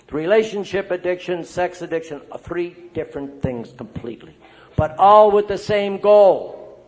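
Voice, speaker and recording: Older male priest, AA talk, high voice, lively storyteller. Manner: checks in with the crowd with "right?" and "eh?". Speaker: AA speaker and priest. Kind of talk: recovery meeting talk to an audience.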